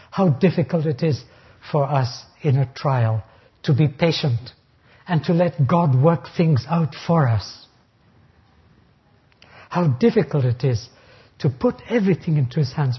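A man preaching an expository sermon, reading Bible verses slowly and then explaining them deliberately. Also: on the high side, breathy edge. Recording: dull lo-fi recording.

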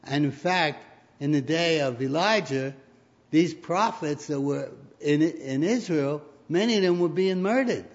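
A male preacher delivers a sermon at an unhurried, measured pace, building to emphatic points. His voice sits a little high for a man. The recording is dull and lo-fi. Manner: storytelling, rising to emphatic peaks.

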